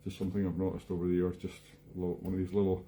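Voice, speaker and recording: A man's voice: deep voice, monotone, quick pace, mellow, slight background noise. A man hosting a live online music show, chatting casually between tunes with dry jokes and lots of restarts.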